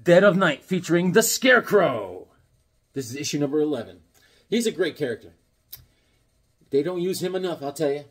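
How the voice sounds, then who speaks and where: A middle-aged man vlogs about his comic books in an animated, breathy voice on the high side, speaking at a normal pace with long pauses. It's casual show-and-tell, full of rambling, joking detours.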